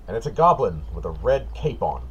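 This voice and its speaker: Low-voiced, expressive male game master. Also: a little fast, slightly rough, lo-fi sound. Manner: relaxed, patient scene-setting. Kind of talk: narrating a tabletop game.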